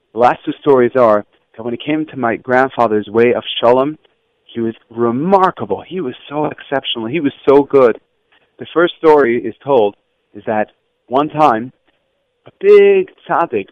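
A man teaching schoolchildren through stories, lively and acting out the voices of people in them. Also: dry recording. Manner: animated, acts out quoted voices with raised pitch. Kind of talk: storytelling lesson. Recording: dull lo-fi, dry.

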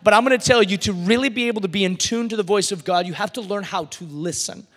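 High, bright-voiced preacher in an echoing hall. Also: male voice, fast talker. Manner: animated preaching, swinging from shouts to near-whispers. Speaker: pastor. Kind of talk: sermon. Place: church service. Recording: long reverb of a large hall.

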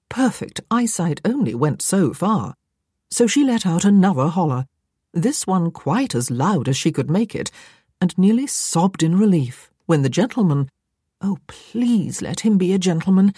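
A woman reads a novel aloud in a wry, expressive way, her pitch moving a lot while staying on the lower side. Her voice has a slightly breathy, husky texture. The recording is close and dry. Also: dry recording. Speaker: audiobook narrator. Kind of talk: audiobook narration.

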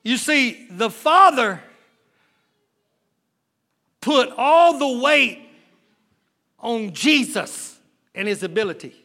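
A man preaching, his voice pitched unusually high and bright. He delivers his sermon slowly and deliberately, dropping to low retellings of scripture before climbing into shouted calls to the congregation. His talk is folksy, full of rhetorical questions. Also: expressive. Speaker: pastor.

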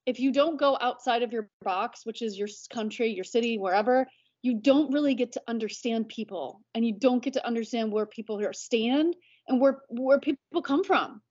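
A woman in her thirties with a fairly high voice talks casually as a podcast guest. She rambles warmly through her points and fills them with "like". The audio is a little dull and lo-fi. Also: normal speed. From United States. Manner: chatty, many "like" fillers. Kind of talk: casual conversation.

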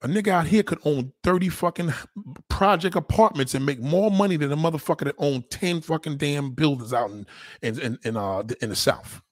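New guy going off, swearing nonstop, kinda husky, dry close mic. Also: brisk, dry recording. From New York. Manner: profane, animated, swinging pitch. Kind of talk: casual rant.

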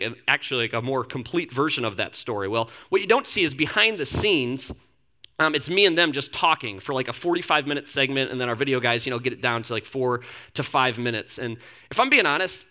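A male pastor preaching in a loose, conversational way, filling his stories with casual asides. His voice sits high for a man and rings very bright and forceful. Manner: conversational, storytelling, frequent fillers. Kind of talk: sermon. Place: church.

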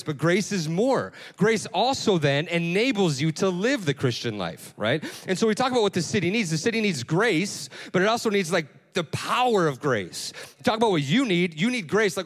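A man's voice: a little high, animated, brisk. Male pastor preaching in a reverberant hall. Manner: conversational, repeats words, asks "right?" often. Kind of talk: sermon. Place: church hall. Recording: long church hall reverb.

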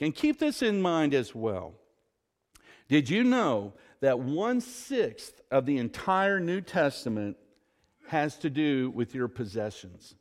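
A man preaching a sermon as pastor, telling stories with emphatic, drawn-out stresses and saying "y'all". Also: mid-range voice, long reverb tail. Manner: Southern "y'all".

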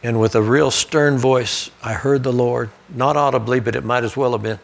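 Preacher guy, kinda gravelly, mid-pitched, tells folksy stories in his sermon. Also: steady tone, normal speed. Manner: storytelling preacher, folksy asides, occasional restarts. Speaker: pastor. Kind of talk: sermon storytelling. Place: church sanctuary.

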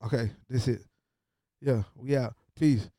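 A man's voice: mid-range voice, measured pace, dark tone, dry recording, studio quality. A man hosting his own podcast, talking in a casual, slangy way and repeating lines for emphasis. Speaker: podcast host. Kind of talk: casual solo podcast monologue.

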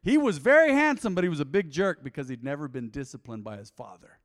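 High-voiced preacher in a big hall. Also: male voice, quick pace. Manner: animated, conversational preaching with asides to the congregation. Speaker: pastor. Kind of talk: sermon. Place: large church auditorium.

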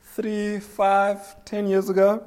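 A man's voice: sits high, monotone, slow pace, darkish tone. A man preaching a sermon to a congregation in a conversational way, asking them questions and acting out bits of everyday talk. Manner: conversational, asks the congregation questions, acts out little voices.

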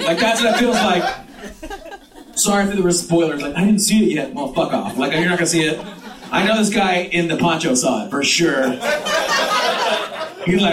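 A Mexican American man doing stand-up as host at a pub, loud and crowd-working, swearing and laughing often. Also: on the high side, normal speed, pauses often. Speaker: stand-up comedian hosting. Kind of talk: stand-up comedy. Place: pub stage with live crowd. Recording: roomy pub, mic heard from a distance, crowd noise.

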